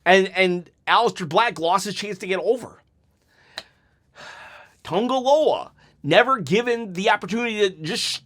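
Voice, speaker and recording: Guy with a high voice ranting on his vlog, all worked up, keeps tripping over his words. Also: animated, unhurried, fairly bright tone. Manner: emotional, frustrated venting with many restarts. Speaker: wrestling YouTuber.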